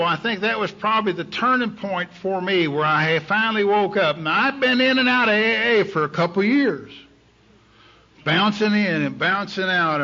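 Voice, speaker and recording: Folksy texas guy telling his story at a meeting, kinda high voice, muffled old tape sound. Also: a bit bright. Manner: folksy, candid, drops to near silence in heavy moments. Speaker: recovery meeting speaker. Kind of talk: storytelling talk. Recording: dull lo-fi tape recording.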